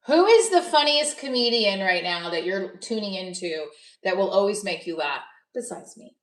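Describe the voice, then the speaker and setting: A woman's voice: on the low side, roomy sound, rough recording. A woman comedian with a New Jersey accent, chatting casually on a live stream, blunt and profane, reading viewer comments aloud.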